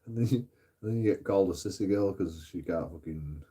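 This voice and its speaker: English streamer guy rambling, swearing a lot, low dark tone, laughs at himself. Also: a little fast. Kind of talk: casual rant to viewers.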